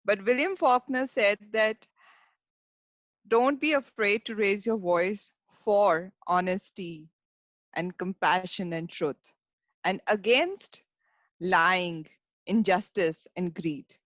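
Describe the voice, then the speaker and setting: A woman's voice: medium pitch, takes it slowly, fairly bright tone, no room sound. A woman hosting a club meeting, formal and gracious, thanking the speaker and leading the next segment. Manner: formal, gracious, quoting sayings. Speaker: meeting host. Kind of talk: meeting facilitation. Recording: dry, dull lo-fi mic.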